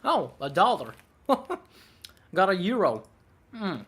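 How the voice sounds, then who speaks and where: A man's voice: sits high, sing-song, slow pace, a bit bright, slightly rough. Dry, sarcastic young male streamer. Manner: dry, sarcastic, rambling, with frequent laughs. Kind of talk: casual livestream commentary while opening game cases.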